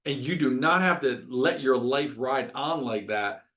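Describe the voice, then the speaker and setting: A man's voice: medium pitch, expressive, unhurried, fairly bright tone. Passionate ranting man. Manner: ranting, emphatic, repeats words. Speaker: doctor hosting a health webinar. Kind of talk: passionate webinar talk.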